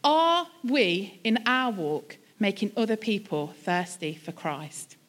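Lively woman pastor preaching. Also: medium pitch, takes it slowly. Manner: lively, chatty storytelling with self-deprecating humor. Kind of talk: sermon.

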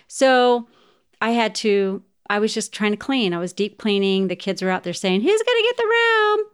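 Middle-aged mom podcaster, smooth clear voice, heartfelt storytelling, talks right to her listeners. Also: medium pitch, steady tone, normal speed. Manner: heartfelt, speaks directly to listeners. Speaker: podcast host. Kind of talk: personal storytelling.

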